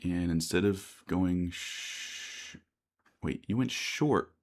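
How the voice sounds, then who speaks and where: Very deep gravelly American trader. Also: male voice, drawn-out words. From United States. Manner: thinks aloud, repeats words, reads chat questions. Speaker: day trader streaming live. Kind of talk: live-stream commentary.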